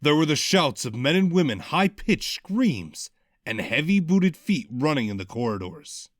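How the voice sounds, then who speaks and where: A man narrating a dark fantasy audiobook in a dramatic, expressive reading style. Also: fairly high pitch, measured pace, dry recording, clean studio sound.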